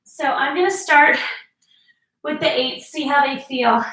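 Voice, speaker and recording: Middle-aged woman fitness coach, high bright voice, winded, slow encouraging rep counts, echoey room, mic set back. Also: far from the mic. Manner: encouraging, counts reps, explains form. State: out of breath, sighing between sets. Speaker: fitness instructor. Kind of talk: workout instruction.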